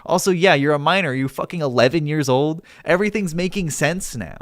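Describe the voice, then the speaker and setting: Male streamer in a heated back-and-forth with chat, exasperated and foul-mouthed, higher-pitched voice, dry close sound. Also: expressive, a little fast, no echo. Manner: heated, exasperated, argumentative, swears a lot. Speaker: livestreamer. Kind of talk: live stream chat argument.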